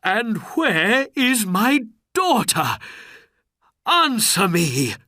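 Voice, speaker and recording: A woman voicing an angry, commanding sultan in a storybook reading, giving slow, stern commands. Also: mid-range voice, very animated, sharp tone, dry recording, studio quality, pitched above the performer's own voice, heavily acted. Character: angry commanding male sultan, older ruler.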